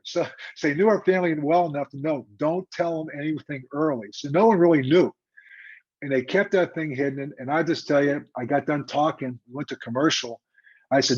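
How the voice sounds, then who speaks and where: An older man, a retired football coach, telling a story in a lively, emphatic, conversational way during an interview. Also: on the high side, brisk, husky. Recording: dull lo-fi remote audio.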